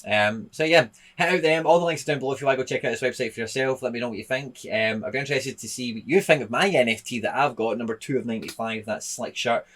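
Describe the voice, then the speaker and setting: A man's voice: medium pitch, fast, a bit bright. A man with a Scottish accent, chatting casually to viewers as a video host, rambling with lots of fillers and restarts. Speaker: YouTube host. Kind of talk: casual vlog talk.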